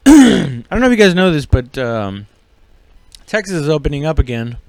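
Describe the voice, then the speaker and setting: Dude in his 30s ranting on his podcast, kinda high voice, swears a lot, lots of ums, dry close mic. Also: big pitch swings, moderate pace, vocal fry, a little mellow, no echo. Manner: rambling, profane, laughing, lots of fillers. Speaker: podcast host. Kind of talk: casual comedic monologue.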